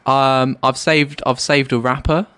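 A man co-hosting a comedic podcast, musing in a hesitant, deadpan way. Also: mid-range voice, unhurried, heavy background noise. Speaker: podcast co-host. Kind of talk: casual comedic podcast chat.

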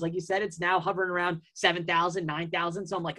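A man's voice: high voice, quick pace, few pauses, bright, forceful tone. A man as a podcast guest in casual chat, telling a long story in a rambling way, full of fillers and restarts.

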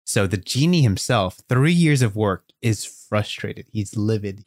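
A man telling an improvised story on a writing podcast, animated and rambling. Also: fairly low pitch, measured pace, few pauses, no echo, studio quality. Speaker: podcast host.

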